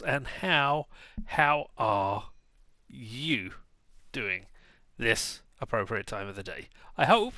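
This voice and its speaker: A man's voice: medium pitch, sharp tone, dry recording. A man streaming a game, chatting casually in a rambling, jokey way full of digressions. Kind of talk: casual let's-play chat.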